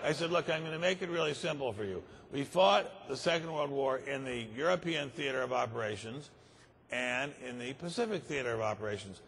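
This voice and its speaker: A man's voice: medium pitch, animated, a little fast, a bit bright. Dry, sardonic man in his sixties. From Washington, D.C. area. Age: 60s. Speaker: conference speaker. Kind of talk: comic anecdote told to an audience.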